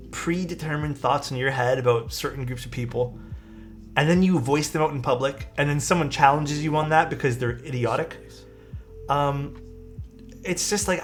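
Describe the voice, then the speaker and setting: Laid-back male streamer over faint music. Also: a little high. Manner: laid-back, rambling, peppered with "dude" and "like". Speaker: streamer building a keyboard. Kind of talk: casual live-stream chat.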